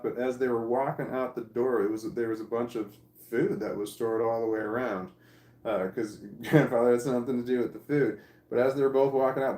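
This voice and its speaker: A man's voice: medium pitch, a little mellow. A man casually telling a long rambling story, laughing often and swearing now and then. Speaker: vlogger. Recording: echoey room.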